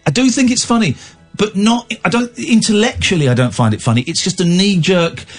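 A man's voice: sits high, brisk, soft background music. A man hosting a radio phone-in, thinking aloud with many restarts. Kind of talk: casual radio talk.

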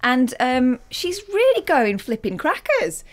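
A woman's voice: sits high, wildly swooping pitch, a little slow. A woman with a northern English accent telling a story on radio in chatty, self-deprecating banter. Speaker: radio co-presenter.

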